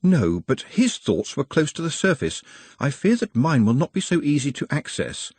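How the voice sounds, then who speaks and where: A man's voice: fairly high pitch, big pitch swings, normal speed, darkish tone, breathy edge, dry recording, voice pushed up. A man voicing an earnest, formal male goblin scholar with precise, hesitant phrasing.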